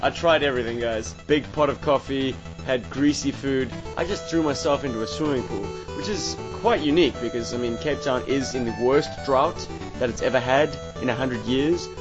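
A man hosts a casual podcast. He is tipsy and rambles in a wry, self-mocking way at a middle pitch. The audio is dull and lo-fi, with faint music behind him. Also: normal speed, hardly any pauses. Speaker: podcast host.

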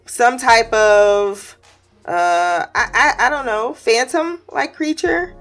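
A woman's voice: on the high side, slow, fairly bright tone, faint music behind. A woman giving a casual episode recap, chatty, laughing often, swearing and acting out quotes. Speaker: show recap host.

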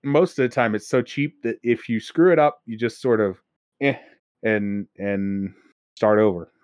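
A man's voice: fairly low pitch, unhurried, a little mellow, no room sound, clean studio sound. Rambling, laughing man from Pennsylvania. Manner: rambling, laughs often, restarts sentences. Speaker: podcast co-host. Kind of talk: casual chat.

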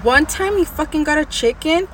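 Animated high-voiced woman, casual storytelling. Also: moderate pace, a little hiss or hum. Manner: code-switching between English and Spanish, swearing freely; animated, laughing as she tells it. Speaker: podcast co-host.

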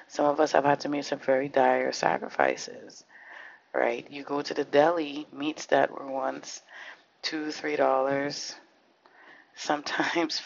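Fervent gravelly male podcast host. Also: a little high, slight background noise. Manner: fervent, full of rhetorical questions, swears now and then. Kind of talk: impassioned social commentary monologue. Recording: slightly dull lo-fi recording.

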